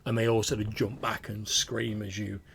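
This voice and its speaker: A man's voice: lowish voice, little pitch movement, moderate pace, creaky, fairly bright tone, slight background noise. A man narrating a tabletop game as game master, describing scenes with frequent restarts.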